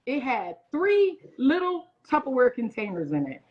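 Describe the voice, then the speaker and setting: Guest chef, woman, 40s, high-ish voice; lively storyteller who voices the people she quotes; muffled recording. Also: normal speed. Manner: animated, acts out others' lines in quoted voices. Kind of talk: casual interview storytelling. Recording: muffled lo-fi audio.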